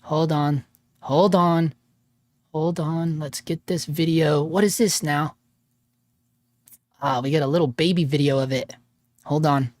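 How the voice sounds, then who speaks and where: A man's voice: a little high, steady tone, a little slow, long pauses, a little mellow, no echo, clean studio sound. A man hosting a casual livestream, reading chat aloud in a laid-back way, laughing often and calling people dude and bro.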